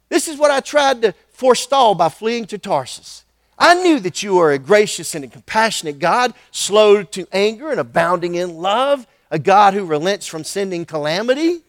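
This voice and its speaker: Male preacher with a high, bright voice, animated sermon style, dry close-miked sound. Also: a little fast, no echo. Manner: animated, conversational asides and questions to the congregation.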